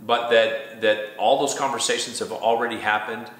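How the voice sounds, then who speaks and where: A man co-hosting a casual spiritual talk, explaining ideas in a halting, thoughtful way with frequent restarts. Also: mid-range voice, level tone, fairly bright tone, echoey room. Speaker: co-host.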